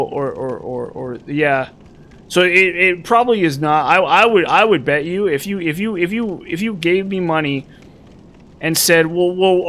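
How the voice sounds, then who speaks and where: A man's voice: a little high, a bit bright. A young man casually commenting while he plays a game, rambling and musing with many restarts and fillers. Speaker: gaming channel host.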